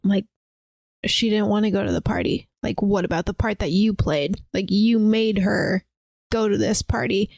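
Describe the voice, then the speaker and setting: Animated woman podcast host, dry close sound. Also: mid-range voice, moderate pace, creaky, no echo. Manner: animated, acts out quotes, lots of "like". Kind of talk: casual chat, retelling a film.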